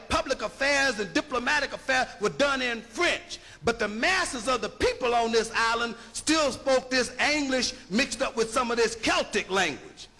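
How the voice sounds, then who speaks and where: A man's voice: very high-pitched, vocal fry, pushed and bright. A man giving an emphatic, rhetorical lecture, punching his points and checking that listeners follow. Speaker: linguistics lecturer. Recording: long hall reverb.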